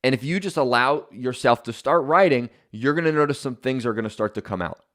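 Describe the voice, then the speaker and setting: A man's voice: medium pitch, brisk, fairly bright tone. A man giving an emphatic motivational talk as a podcast host, repeating his key points and often checking in with "right?".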